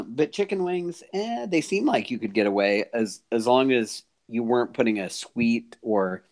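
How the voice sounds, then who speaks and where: A man's voice: medium pitch, animated, slow. A man co-hosting a casual podcast chat, talking freely and laughing often. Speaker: podcast co-host.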